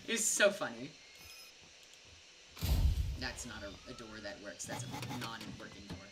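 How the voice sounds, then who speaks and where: Her voice sits extremely low, sing-song and unhurried, as this young American woman streams a game a little tipsy. The mic is distant with noise behind her, and she wanders through a story in loose, casual gaming chat full of fillers.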